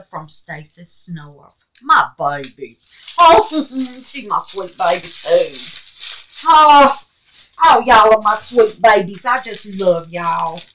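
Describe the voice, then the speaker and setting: A woman's voice: mid-range voice, fairly bright tone, slight background noise, rough recording. A woman chatting casually to her viewers as she shows off gifted craft supplies, effusive and affectionate, calling them honey and baby and muttering to herself as she handles things. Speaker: resin craft vlogger. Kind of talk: casual chat showing gifts.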